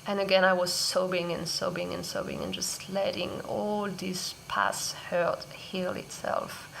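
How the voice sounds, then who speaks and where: A woman vlogger sharing a personal parenting story in an earnest, soft-spoken, reflective way. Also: mid-range voice, gravelly, slight background noise. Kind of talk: heartfelt personal sharing to camera.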